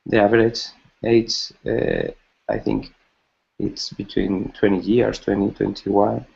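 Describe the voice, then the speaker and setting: A man in his forties talking about his work in an online class, halting and searching for words. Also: on the low side, steady tone, vocal fry, darkish tone, slightly rough. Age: 40s. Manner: halting, many restarts and fillers. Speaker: student introducing himself. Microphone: video call. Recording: muffled lo-fi call audio.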